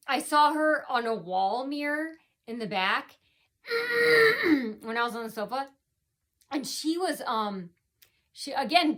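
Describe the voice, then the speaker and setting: A woman vlogger telling a long rambling personal account, halting, with many fillers and restarts, her sentences often trailing off quietly. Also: high voice.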